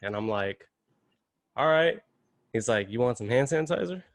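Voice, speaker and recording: A man's voice: fairly low pitch, lively intonation, fast talker. A young man hosting a casual podcast, easygoing and jokey, often calling his guest man or bro. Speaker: podcast host. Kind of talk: casual chat.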